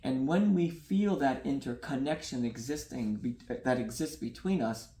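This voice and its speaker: Guest artist, man, mid-pitched, reflective and repeating, room echo. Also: normal speed, mellow. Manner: earnest, dreamy, repeats phrases, laughs at himself. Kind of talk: reflective interview talk. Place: gallery.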